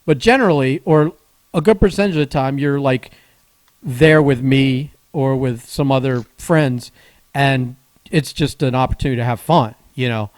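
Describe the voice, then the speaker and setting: A man's voice: mid-range voice, moderate pace, darkish tone, no room sound. A man co-hosting a podcast, teasing his friend and explaining things at length. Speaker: podcast co-host. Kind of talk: casual podcast chat.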